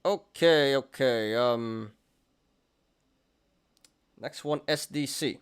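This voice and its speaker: A man's voice: medium pitch, extremely slow, smooth. A young man hosting a market show, chatting casually through charts, often laughing and restarting his sentences. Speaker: stock and crypto show host.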